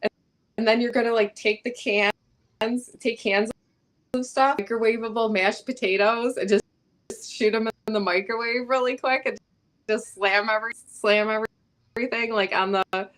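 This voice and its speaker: Excitable woman peppering speech with "like". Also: on the high side, moderate pace. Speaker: guest on a live stream. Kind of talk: casual chat.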